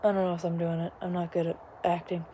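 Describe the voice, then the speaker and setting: A woman's voice: lowish voice, flat delivery, fast talker, mellow, slight background noise. Young woman vlogger, rambling casual storyteller with many asides, recorded at home. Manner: chatty, rambling, many asides and quoted voices. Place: small home, living room.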